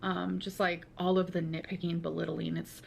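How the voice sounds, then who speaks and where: A woman's voice: on the low side, level tone, gravelly, a little hiss or hum. A woman talking earnestly in a confessional vlog, dragging out her words. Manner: earnest, slow, drawn-out words. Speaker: video blogger.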